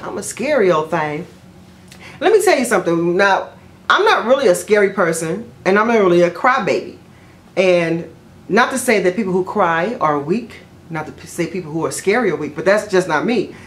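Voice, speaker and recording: A woman vlogger telling a personal story in a chatty, rambling way, full of fillers and self-corrections, jumping up in pitch whenever she quotes herself. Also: expressive, a little fast. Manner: jumps high in pitch when quoting herself. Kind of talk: casual storytelling to camera.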